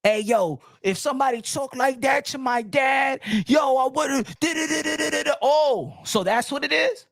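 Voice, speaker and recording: On a boxing channel's live stream, the host's extremely high voice carries vocal fry, moves at normal speed and rarely pauses as he rants loud and heated. He repeats lines for emphasis in profane street slang, captured in a dry, studio-quality recording.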